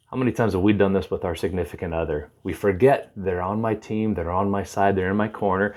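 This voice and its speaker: A man talking to camera with advice, retelling a conversation and acting out the lines. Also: fairly low pitch. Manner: animated storyteller, acts out dialogue. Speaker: recovery counselor.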